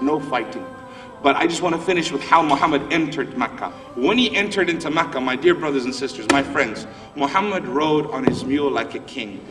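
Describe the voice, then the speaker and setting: Man, high voice, impassioned sermon, far from mic. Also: fairly bright tone. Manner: impassioned, rising and falling delivery. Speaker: preacher. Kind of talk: emotional sermon. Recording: distant speaker in a reverberant hall with music.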